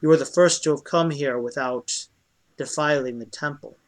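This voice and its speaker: A man's voice: a little high, moderate pace, close to an everyday voice. A man voicing an ancient, ghostly male guardian who is the last of his lost tribe, in a tabletop role-play game. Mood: solemn.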